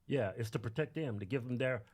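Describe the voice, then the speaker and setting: A man's voice: medium pitch, fairly quick, darkish tone, breathy edge. A man co-hosting a podcast who mostly agrees with short affirmations and adds brief remarks of his own. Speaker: podcast co-host. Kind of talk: podcast talk.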